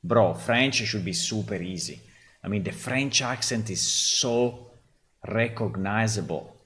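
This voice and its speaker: Slow-talking man with an Italian accent. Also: on the low side, a bit bright. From Italy. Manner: rambling, repeats words, laughs often. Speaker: game developer. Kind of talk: casual commentary on AI voices.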